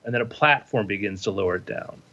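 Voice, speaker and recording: A man running a tabletop game as game master, narrating scenes in a playful, animated way. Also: on the low side, fast talker, muffled recording, a little hiss or hum.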